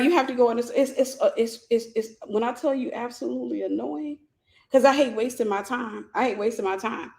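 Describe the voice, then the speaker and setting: A woman hosting a storytelling vlog, retelling a phone call in an animated way and acting out both sides of the conversation. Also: fairly high pitch, echoey room. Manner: animated retelling, acts out dialogue. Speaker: vlog host.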